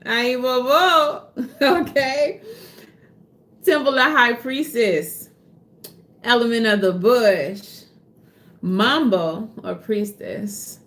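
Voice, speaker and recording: Slow, gravelly woman reading tarot. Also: mid-range voice, a bit bright. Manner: casual, profane, laughs often, slips into playful voices. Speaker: tarot reader.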